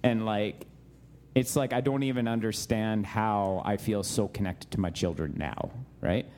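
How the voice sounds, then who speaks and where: A man in casual conversation about faith, telling animated stories and laughing often. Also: on the low side, a little slow, slight background noise.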